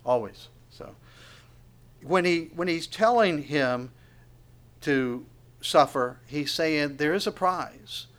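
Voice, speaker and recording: A middle-aged man preaching a sermon, earnest and emphatic. His voice sits a little higher than most men's. He often restarts his sentences and acts out the quotes in his text. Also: expressive, slow pace, long pauses, a bit bright.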